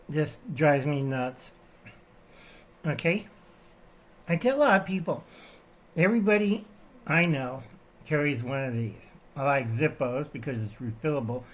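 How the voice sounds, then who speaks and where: An older man hosting his own channel, ranting in a digressive, satirical way, often tagging his lines with "okay?" while showing things to the camera. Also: mid-range voice. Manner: shows items to the camera while talking. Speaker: channel host. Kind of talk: rambling satirical rant.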